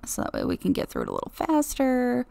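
Woman, young adult, game commentary host, chatty and giggly, gravelly fry, mellow tone. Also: a little high, wildly swooping pitch, fast, no room sound. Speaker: Let's Play host.

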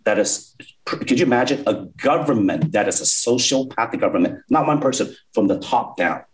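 A man hosts a talk show and delivers heated political commentary. His pitch swings widely, jumping up and dropping low as he presses each point. He gets worked up and stumbles over repeated words. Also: animated, moderate pace, poor audio.

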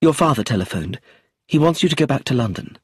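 A cool young woman, read by a man speaking in a cold, clipped way. The voice is husky and breathy. It is recorded close and dry. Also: medium pitch, animated, fast talker, no echo, pitched above the performer's own voice.

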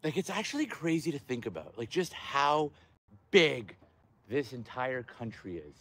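A man hosting a casual outdoor live stream by a lake, joking and rambling in an animated way. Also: mid-range voice, a little slow, no room sound.

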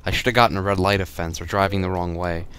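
A gamer with a deep, clear, resonant voice talks fast while driving in a game and giving laid-back let's play commentary. He swears constantly and loses his temper easily, sounding frustrated and excitable.

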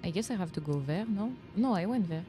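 A woman's voice: lowish voice, animated, fairly quick, dark tone, soft background music. A young woman with a French accent chatting casually to viewers while streaming a video game, giggling often and reacting aloud. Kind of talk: casual live-stream chat.

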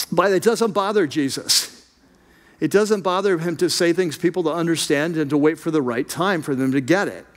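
A male pastor giving a sermon, teaching conversationally with asides, restarts and quick checks with the listeners. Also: on the high side, in a large hall. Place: church sanctuary.

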